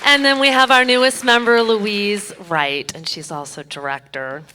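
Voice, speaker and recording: A woman's voice: mid-range voice, fairly even intonation, normal speed, bright, forceful tone, a faint crowd, a little hiss or hum. A woman serving as board president, graciously introducing the new board one by one on a handheld microphone. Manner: gracious, names people one by one.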